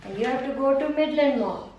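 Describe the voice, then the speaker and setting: A woman's voice: high voice, fairly quick, dull audio. A woman teacher guiding a student through a map lesson one on one, patient and coaxing, repeating prompts and praise. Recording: echoey room from far off, faint noise.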